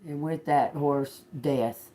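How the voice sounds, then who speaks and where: A man's voice: a little high, fairly even intonation, slow pace, mellow. A man hosting a casual livestream tarot reading, talking straight to his viewers, laughing often and swearing as he snaps back at commenters. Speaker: tarot reader, livestream host.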